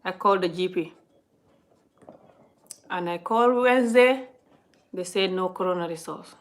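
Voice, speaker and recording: A woman's voice: on the low side, a little slow. Chatty woman telling a story to viewers. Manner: chatty, talks a lot; animated retelling, often addresses viewers. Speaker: vlogger on a live stream. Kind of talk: casual storytelling chat.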